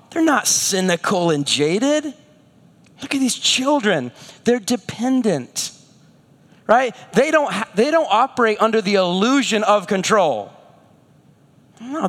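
A man preaching a sermon as pastor, animated and storytelling, with rhetorical questions. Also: high voice, in a large hall.

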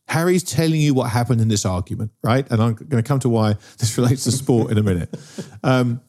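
A man's voice: mid-range voice, warm tone. A middle-aged man, telling a story in casual chat and often checking in with "right?". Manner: storytelling, keeps asking "right?". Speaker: podcast co-host.

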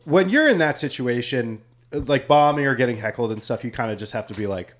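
A man's voice: medium pitch, expressive, fairly quick. A young man, a comedian co-hosting a podcast, telling a story in a rambling, casual way and swearing a lot.

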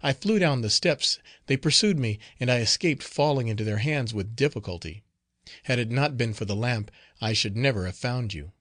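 A man's voice: medium pitch, lively intonation, normal speed, a bit bright, dry recording, clean studio sound. A man voicing a terrified young woman hiding in a vault, pleading and breathless with fear. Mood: urgent.

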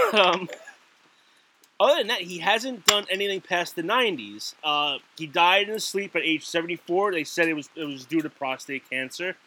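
A man's voice: sits high, lively intonation, normal speed, bright, forceful tone, slight background noise. Giggly rambling male podcast host. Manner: giggly, rambling with fillers and restarts. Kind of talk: casual chat.

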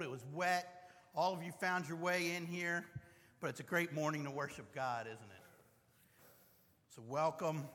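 A man's voice: mid-range voice, fairly bright tone. A pastor preaching a sermon to his congregation, mixing light joking asides with earnest teaching. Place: church sanctuary. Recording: long reverb in a church hall.

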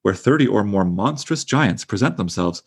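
A man's voice: on the low side, expressive, normal speed, breathy edge. A man reading aloud as a deluded old knight, in a solemn, lofty, archaic manner. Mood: grandiose.

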